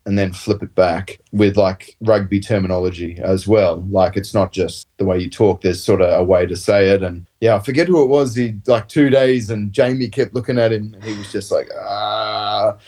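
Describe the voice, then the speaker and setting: A man chats in a relaxed, rambling way, piling up "like" and "mate" as he tells stories. His voice sits a little low. He comes across as a laid-back rugby player on a podcast. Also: moderate pace, few pauses, breathy edge. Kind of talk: casual chat.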